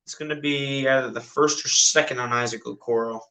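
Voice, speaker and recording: A man giving casual fan-style live play-by-play of a basketball game, chatty and excitable, often tossing in "dude". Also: mid-range voice, fairly quick. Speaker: streamer doing live play-by-play.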